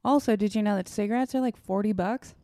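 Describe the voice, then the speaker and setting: A woman's voice: medium pitch, fast talker, mellow, no echo, studio quality. A young woman co-hosting a podcast, telling loose, profane stories in casual chat. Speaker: podcast co-host.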